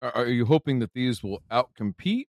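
A man's voice: medium pitch, animated, fairly quick, darkish tone, no room sound. A man hosting a live lawn-care call-in show, joking and brash and casually swearing. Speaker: host taking calls.

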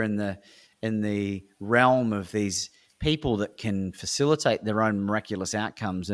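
An Australian man, a coach and speaker, telling stories as a guest in a podcast interview in an enthusiastic, emphatic way. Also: mid-range voice. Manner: enthusiastic, emphatic, repeats words when he restarts. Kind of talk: animated storytelling in a podcast interview.

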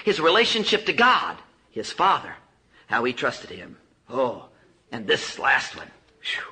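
A man preaching a sermon with passion, swinging from loud cries to hushed low lines. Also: huge pitch swings, unhurried, low-quality recording.

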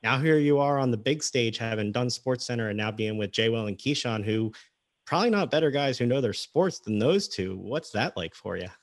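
A man's voice: mid-range voice, expressive, a little fast, no room sound, clean studio sound. A man hosting a sports radio show, asking a guest questions in a friendly, conversational way. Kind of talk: casual radio interview.

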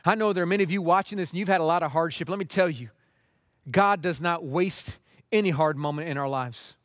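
Impassioned high-voiced preacher. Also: male voice, brisk, no echo, studio quality. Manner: impassioned, shifting from urgent to hushed. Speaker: pastor. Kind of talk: sermon.

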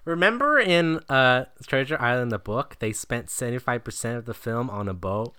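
A man's voice: medium pitch, animated, moderate pace, sharp tone, clean tone, no room sound. A man co-hosting a casual film review chat, joking and sarcastic, often laughing. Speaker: podcast co-host reviewing a film.

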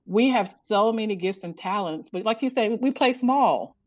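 Animated woman telling her story. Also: moderate pace. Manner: animated, laughs often, acts out quotes in a higher voice. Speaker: podcast guest, author and coach. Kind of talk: casual interview storytelling.

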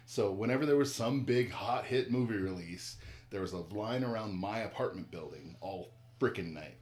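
A man co-hosting a casual podcast, an animated storyteller who jokes around and swears freely. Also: lowish voice, normal speed, echoey room. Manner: animated storyteller, jokey and profane. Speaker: podcast co-host.

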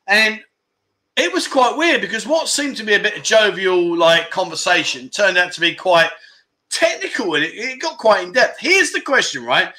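Man, bright voice, slightly high, jokey livestream host reading comments. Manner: jokey, chatty, asks viewers questions. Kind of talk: casual livestream chat, reading viewer comments. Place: home in Thailand.

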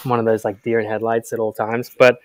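A young man from England with a mixed English and American accent, a soft-spoken, laid-back podcast guest. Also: lowish voice, level tone, a little fast, no echo. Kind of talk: casual interview chat.

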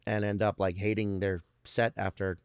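A man's voice: lowish voice, flat delivery, normal speed, clean tone, dry recording, studio quality. A man, a stand-up comedian, chatting casually as a guest; he rambles, swears often and restarts his sentences. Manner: rambling, profane, many restarts. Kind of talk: casual podcast chat.

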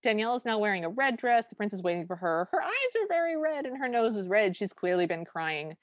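She's a podcast co-host walking through a movie plot in easy, casual chat. Her voice sits at an ordinary middle pitch for a woman. The recording is close and dry, with no room sound behind her. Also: brisk, dry recording. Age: adult. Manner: animated storytelling with quoted lines.

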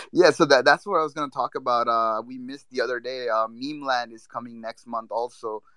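A man's voice: mid-range voice, steady tone, moderate pace, bright, forceful tone, clean tone, dry recording. Laid-back man, heavy on fillers. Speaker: crypto trader guest. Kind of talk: casual chat in an online audio room.

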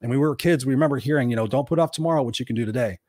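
Fast-talking male life coach. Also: mid-range voice, no echo, clean studio sound. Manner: animated retelling with repeated quotes, casual swearing. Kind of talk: motivational storytelling.

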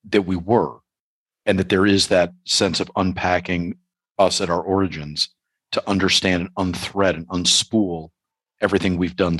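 A man's voice: low voice, a bit bright, husky, no echo. A man interviewing a guest, musing aloud in long, loose, speculative questions. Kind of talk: casual interview talk.

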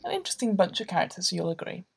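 A woman game master narrating a tabletop session and explaining its rules in a clear, measured way. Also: lowish voice, sing-song, faint music behind.

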